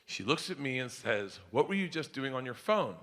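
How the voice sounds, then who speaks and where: A man doing a stand-up comedy set, telling a story loudly and acting out the other people in it with shouted voices. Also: medium pitch, moderate pace. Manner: loud, animated storytelling that jumps into shouted voices. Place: comedy club stage before an audience.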